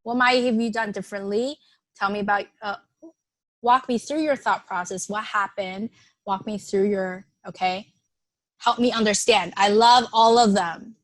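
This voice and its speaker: A woman leading an online workshop, talking casually, reading participants' suggestions aloud and warmly affirming them. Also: medium pitch, fairly even intonation, moderate pace, no echo. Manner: conversational, with frequent fillers and restarts. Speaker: workshop presenter.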